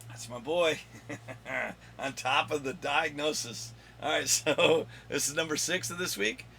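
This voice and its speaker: A man hosting his own video countdown of comic finds, rambling and joking with his son off camera, with a slightly hoarse voice. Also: a little high, a little slow, bright, forceful tone, slight background noise. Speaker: comic collector and channel host.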